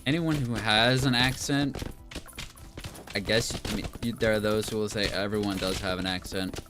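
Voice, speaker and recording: A man with a lowish voice rambles through casual gameplay commentary, drifting from thought to thought with lots of fillers. Game music plays clearly underneath him. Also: fairly even intonation, normal speed. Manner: musing, meandering, casual with frequent fillers. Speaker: gaming YouTuber. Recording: game music playing behind.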